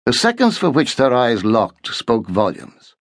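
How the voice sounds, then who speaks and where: A man reading a historical novel aloud in a measured, steady storytelling voice. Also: medium pitch, no room sound, clean studio sound. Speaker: audiobook narrator. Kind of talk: scripted narration.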